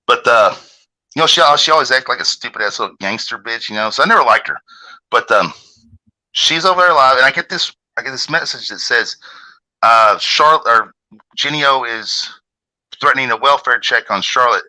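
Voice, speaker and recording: A man with a very bright, cutting voice tells a story in profane, rambling livestream chat. When he gets outraged his pitch jumps sharply. His talk is loose and full of filler. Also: expressive, normal speed, low-quality recording.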